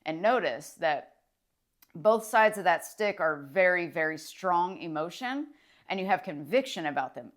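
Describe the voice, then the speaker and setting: A woman's voice: fairly low pitch, expressive, a little slow. A woman, a social worker, talking casually and enthusiastically to camera about mindset, rambling with fillers and restarts. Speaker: licensed clinical social worker and mindset vlogger. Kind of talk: casual motivational talk to camera.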